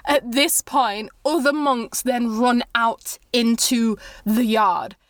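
Woman running a tabletop game, high voice, dry close sound, chatty and loose. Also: slow, no room sound. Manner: casual, laughing, loose narration with fillers. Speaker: game master.

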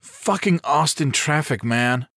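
A man's voice: a little high, lively intonation, takes it slowly, vocal fry, a bit bright, no room sound, clean studio sound, pitched above the performer's own voice, heavily acted. A man voicing a brash young SWAT officer in his twenties in an audiobook. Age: 20s. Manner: brash, cussing.

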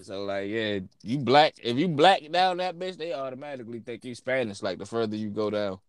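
A man's voice: medium pitch, fairly quick, smooth. A man co-hosting a podcast, telling loose, profane stories in casual chat. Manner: loose, profane, animated storytelling. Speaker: podcast co-host.

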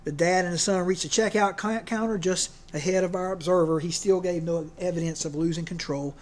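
A man's voice: high-pitched, steady tone, brisk. A man preaching a folksy sermon, joking and often restarting his sentences. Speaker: pastor.

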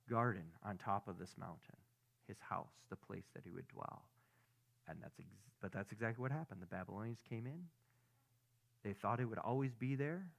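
A man's voice: fairly high pitch, fairly bright tone. Conversational man preaching to a group. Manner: conversational preaching, lots of rhetorical questions. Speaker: pastor. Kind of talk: sermon.

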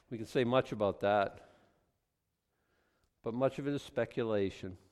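A pastor preaching a sermon, reading scripture quietly and then building to loud, emphatic exhortation. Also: male voice, mid-range voice, a little slow. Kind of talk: expository sermon. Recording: long hall reverb.

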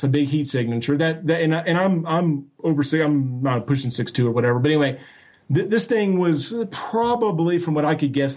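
A man telling a story as an interview guest, animated and full of restarts and acted-out quotes. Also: a little high. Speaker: guest recounting a sighting. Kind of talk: casual storytelling.

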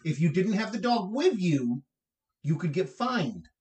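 A man's voice: sits high, sing-song, a little slow, darkish tone. A man co-hosting a casual podcast, chatty, laughing often and rambling with restarts. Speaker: podcast co-host. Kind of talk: casual chat.

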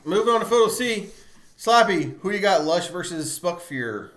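A man hosting a rowdy podcast, swearing, joking and laughing loudly as he runs through picks. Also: sits high, animated, moderate pace, reverberant. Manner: loud, profane, laughing, mock French bits. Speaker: podcast host. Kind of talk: rowdy casual podcast banter. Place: room with live audience.

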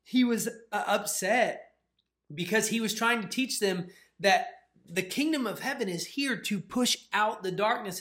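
A man co-hosting a faith channel, telling a story in a casual, animated way with lots of "like" fillers. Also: sits high, a little slow. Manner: animated, filler-heavy retelling with "like".

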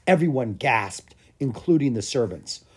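A storybook reader narrating a children's fantasy tale with lively, animated expression. The voice is mellow and a little husky, rising and falling freely. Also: medium pitch, a little slow. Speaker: audiobook reader. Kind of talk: children's storybook read-aloud.

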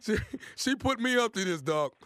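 A man who is a radio comedian, running a prank call and joking on air in a loud, playful, animated way. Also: high-pitched, moderate pace, dry recording. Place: radio studio.

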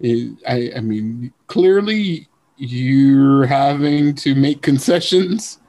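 A man's voice: mid-range voice, drawn-out words, mellow. A man co-hosting a casual chat, teasing his friend with dry, profane wisecracks. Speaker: podcast co-host.

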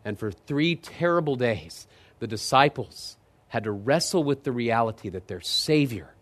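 Man preaching with animated, shifting delivery. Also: medium pitch, a little slow. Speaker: pastor. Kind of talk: sermon.

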